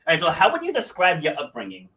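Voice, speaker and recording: A man's voice: on the high side, wildly swooping pitch, quick pace, bright, forceful tone, rough recording. A man with a New England accent hosting a podcast interview, chatty and friendly, laughing often. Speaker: podcast host. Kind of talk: casual interview chat.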